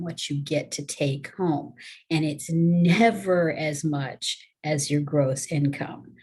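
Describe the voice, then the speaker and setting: A retired teacher, explaining things step by step in a chatty, folksy way during a casual video lesson recorded at home. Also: female voice, low voice, darkish tone, husky.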